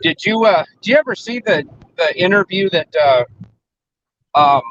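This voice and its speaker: A man's voice: sits high, lively intonation, normal speed, fairly bright tone. A man telling a casual, rambling story with many fillers on a talk show. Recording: dull with faint noise.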